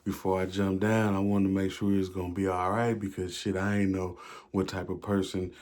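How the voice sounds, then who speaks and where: A man's voice: low-pitched, little pitch movement, brisk, a little mellow. A man telling a prison story in casual, slangy, profane talk, with many fillers. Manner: slangy, profane, keeps saying "you know what I'm saying".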